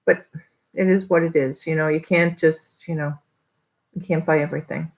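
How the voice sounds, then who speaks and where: Brief: talkative woman, New York accent, low-pitched, loose live-stream chat. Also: fairly even intonation, creaky, low-quality recording. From New York area. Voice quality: chatty, rambling, quick to laugh. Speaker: online reseller vlogger.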